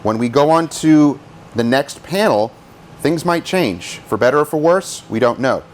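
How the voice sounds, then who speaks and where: A man's voice: fairly high pitch, lively intonation, measured pace. A man who details cars, explaining paint polishing in a casual, chatty how-to style and joking at his own expense. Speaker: car detailer teaching polishing.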